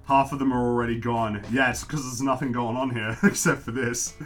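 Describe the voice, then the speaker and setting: A man's voice: medium pitch, fairly bright tone. An Australian man with an ordinary mid-range voice talks loosely through a drawing stream and answers chat as questions come in. He drifts off topic, makes fun of himself and laughs often. Faint music plays in the background. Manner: rambling and self-deprecating, laughs often. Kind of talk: casual livestream chat.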